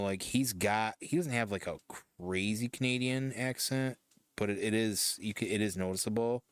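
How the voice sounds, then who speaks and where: Man, from Michigan, rambling casual streamer chat, lowish voice, smooth clear tone, dry close sound. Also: fairly bright tone, no echo. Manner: rambling, loose, swears casually. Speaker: streamer host. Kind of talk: casual chat while painting.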